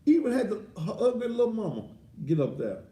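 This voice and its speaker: A man's voice: high voice, big pitch swings, brisk, mellow. A man hosting a commentary show and ranting in a blunt, crude, indignant manner. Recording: echoey room, voice off-mic.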